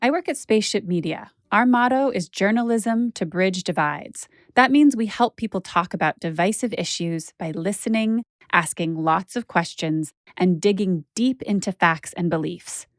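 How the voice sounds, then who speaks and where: A woman's voice: medium pitch, moderate pace, few pauses, dry recording, studio quality. A woman journalist hosting a podcast, narrating her own story in a candid, conversational way with casual fillers.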